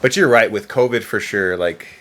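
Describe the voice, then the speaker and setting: Co-hosting a parenting podcast, a man from the United States rambles casually with plenty of fillers and restarts. His lowish voice is a bit bright at a moderate pace, and the recording has a little hiss or hum.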